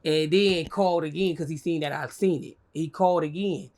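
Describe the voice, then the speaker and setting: A young woman telling a story as an interview guest, animated and profane, acting out what others said in a high voice. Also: brisk. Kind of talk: casual storytelling.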